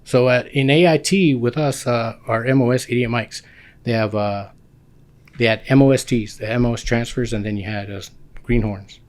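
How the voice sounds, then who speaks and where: A man in his fifties from Guam, a guest telling casual stories about his army years, animated and full of restarts. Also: mid-range voice, moderate pace. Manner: animated, acts out quoted dialogue with many restarts. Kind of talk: casual storytelling.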